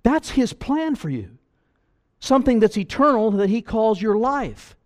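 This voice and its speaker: A man's voice: high-pitched, sing-song, measured pace. A man preaching a sermon as pastor, emphatic and pleading, full of rhetorical questions.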